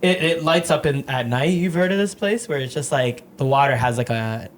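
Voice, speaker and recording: A man's voice: medium pitch, lively intonation, normal speed. A young man hosting a podcast, telling rambling stories in casual chat and laughing often. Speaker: podcast host.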